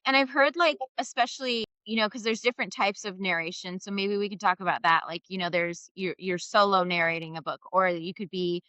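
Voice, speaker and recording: A woman's voice: mid-range voice, steady tone, brisk, hardly any pauses, sharp tone, clean tone, no room sound, poor audio. A woman hosting an interview, asking curious, rambling questions. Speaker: host. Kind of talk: casual interview.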